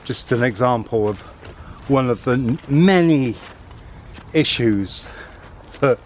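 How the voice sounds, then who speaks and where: A man's voice: mid-range voice, animated, slow pace, a little hiss or hum. A man, chatting casually and rambling a little while he walks a woodland path and films. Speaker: nature vlogger. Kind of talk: casual walking commentary. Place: woodland path outdoors, walking.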